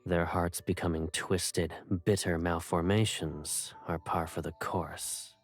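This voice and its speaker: A devoted, protective young man from a video game. His voice sits very low and a little husky, and he takes his time with each solemn, tender line. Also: level tone, slow, faint music behind.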